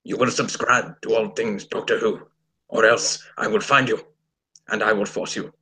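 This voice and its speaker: A man's voice: lowish voice, fairly even intonation, normal speed, pushed and bright, pitched below the performer's own voice. A man voicing a brutish male alien warrior who barks battle cries and comic threats. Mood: belligerent.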